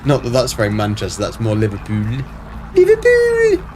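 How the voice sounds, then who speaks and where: A man's voice: fairly low pitch, fairly even intonation, fast talker, noisy background. A middle-aged man on a casual live game stream, answering chat and muttering to himself as he plays.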